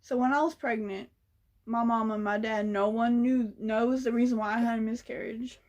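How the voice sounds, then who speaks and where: A woman's voice: a little high, fairly even intonation, moderate pace, darkish tone, muffled recording. A young woman telling a story in a casual vlog, blunt and sassy, swearing freely. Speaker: vlogger.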